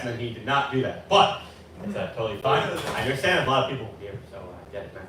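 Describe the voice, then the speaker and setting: Lively young comic in an echoey bar. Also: male voice, mid-range voice, fast, a little hiss or hum. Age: 20s. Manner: rambling, self-deprecating, bursts of shouting. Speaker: stand-up comic. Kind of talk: open mic stand-up set. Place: small bar with live audience. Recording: very echoey room from far off.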